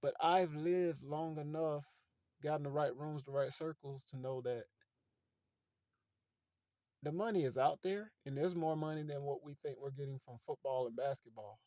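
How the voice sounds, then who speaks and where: A man's voice: fairly high pitch, moderate pace, mellow, no echo, clean studio sound. Man talking from his car. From Fort Pierce, Florida. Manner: preachy, conversational, addresses viewers as y'all. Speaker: motivational vlogger. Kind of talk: casual motivational talk. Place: inside a parked car at night.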